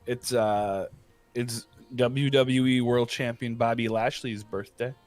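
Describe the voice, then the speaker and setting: A man's voice: medium pitch, steady tone, slow pace, darkish tone, no echo, faint music behind. Goofy offhand man co-hosting. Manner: goofy, offhand, mixes up names. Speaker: morning show co-host. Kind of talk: casual gaming show banter.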